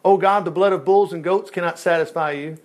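A man's voice: high voice, fairly even intonation, fairly quick. A man preaching an informal Bible-study sermon, reading scripture aloud and breaking off with folksy comments.

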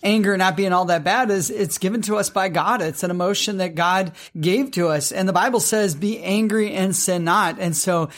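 Man, high-pitched, earnest co-host of a faith marriage podcast, reads verses slowly. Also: a bit bright.

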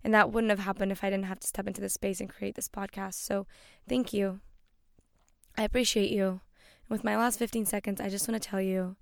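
A woman's voice: mid-range voice, level tone, brisk, gravelly, no room sound, clean studio sound. A young woman hosting her own podcast, talking loosely and chattily with many fillers, getting emotional. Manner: loose and chatty, many likes and you-knows. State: emotional, near tears. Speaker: podcast host. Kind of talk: casual solo podcast talk.

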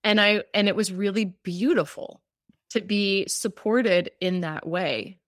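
A woman's voice: mid-range voice, a little slow, fairly bright tone, no room sound, clean studio sound. A woman guest telling a personal story in conversation. She speaks in a heartfelt, rambling way, full of fillers. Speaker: cancer survivor guest.

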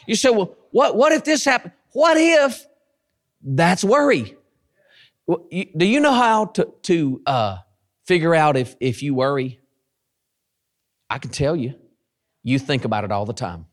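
A man preaching a sermon, with animated delivery and drawn-out, emphatic repetitions. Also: on the high side. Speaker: pastor and station head.

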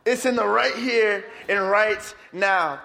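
A man preaching a sermon as pastor, lively and playful with his congregation. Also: high-pitched, takes it slowly, vocal fry. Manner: energetic, playful preaching, leads congregation in song.

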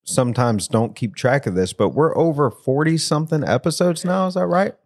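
A man's voice: on the high side, fairly quick. A man hosting a podcast and telling a story in a casual, jokey way, laughing often, recorded on a studio mic. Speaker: podcast host.

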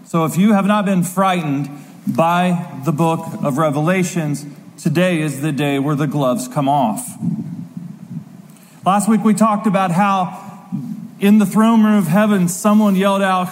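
A man preaching a sermon, reading scripture aloud dramatically with slow, emphatic stresses. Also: sits high. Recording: long reverb of a large hall.

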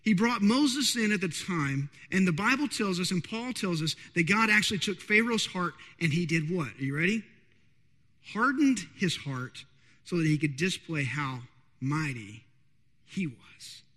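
Guy preaching, high sharp voice, big church echo, keeps asking the crowd you ready, goes quiet then loud. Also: big pitch swings. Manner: keeps checking in with the congregation with quick questions; swings between hushed, drawn-out lines and louder bursts. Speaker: pastor. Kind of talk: sermon. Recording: long reverb of a large hall.

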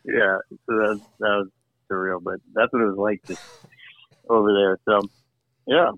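A man being interviewed about his work as an actor and producer, talking in a loose, animated way with frequent laughs and restarts. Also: fairly low pitch, normal speed, no echo. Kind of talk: casual interview conversation. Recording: phone-like remote line.

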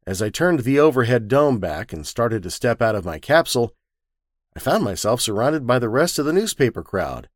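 A man narrating a first-person story with a wisecracking, lively storytelling manner. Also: medium pitch, no echo, studio quality.

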